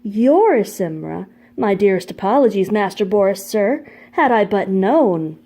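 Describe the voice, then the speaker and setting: A woman voicing a pretty, smooth-talking young dandy man who speaks in a crooning, flowery, theatrical way. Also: a little high, animated, normal speed, warm tone, natural voice.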